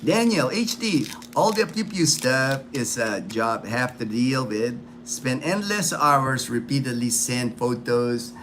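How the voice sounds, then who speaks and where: A US livestream host talks in a medium-pitched, expressive voice with a fairly bright tone, going slowly and rarely pausing. His casual chat wanders and repeats, full of fillers, over slight background noise.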